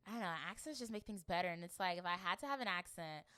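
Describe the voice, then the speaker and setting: A woman's voice: fairly low pitch, quick pace. A woman hosting a podcast, talking casually and rambling with lots of fillers. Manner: rambling, filler-heavy, animated. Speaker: podcast host. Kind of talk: casual chat.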